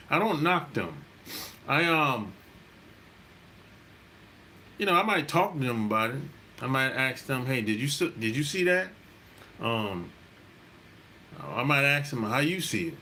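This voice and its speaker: Guy rambling on about people, laid back, repeats himself a lot, bright sharp voice. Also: medium pitch, a little hiss or hum. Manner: relaxed, rambling, repeats himself, laughs often. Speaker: dating advice host. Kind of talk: casual monologue.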